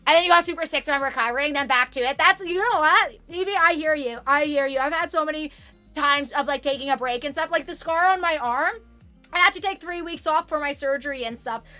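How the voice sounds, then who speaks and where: Sewing on stream, a Canadian woman in her twenties talks with her viewers in a rambling, self-deprecating way, dropping the odd swear word. Her voice sits high, is bright and forceful, runs a little fast, and has faint music behind it.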